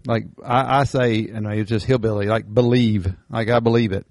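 A man's voice: on the low side, fairly even intonation, brisk, no echo. Joking man, dry close sound. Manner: joking, self-deprecating banter. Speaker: podcast co-host. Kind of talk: casual chat.

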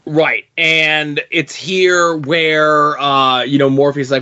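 A man's voice: on the high side, fairly even intonation, slow pace, pushed and bright. A man co-hosting a podcast, talking enthusiastically and analytically about a comic book. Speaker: podcast co-host. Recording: dull lo-fi recording.

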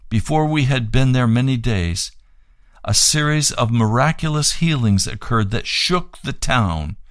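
A man's voice: mid-range voice, no echo, clean studio sound. A man preaching on the radio, reading aloud from a book and making fervent, pleading appeals for donations.

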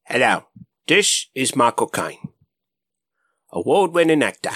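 A man's voice: mid-range voice, big pitch swings, measured pace, fairly bright tone, breathy edge, dry recording, full character voice. A man doing a comic of an older film star, rambling and crude. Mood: pompous. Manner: rambling, bemused, crude asides. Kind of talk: comedic impression cameo.

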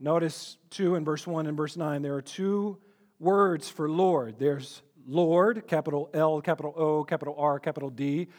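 Guy preaching a sermon, pretty high voice for a man, earnest, keeps restarting words. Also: steady tone, normal speed, darkish tone. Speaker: pastor.

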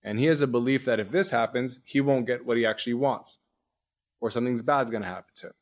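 Fast-talking male performance coach. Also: medium pitch. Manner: energetic, explanatory, quotes his own inner voice. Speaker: podcast host, performance coach. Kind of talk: coaching conversation.

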